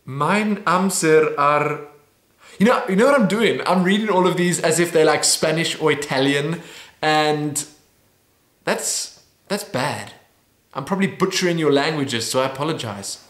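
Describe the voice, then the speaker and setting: A man's voice: on the high side, animated, moderate pace, a bit bright. A man hosting a casual Q&A vlog in a playful, self-deprecating way, chuckling as he fumbles through foreign phrases. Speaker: YouTube channel host. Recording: roomy echo.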